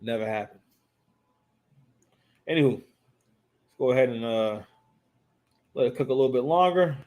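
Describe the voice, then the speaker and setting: A man's voice: mid-range voice, expressive, moderate pace, a little mellow. A man hosting a casual reaction commentary, rambling and often restarting his sentences. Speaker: commentary channel host.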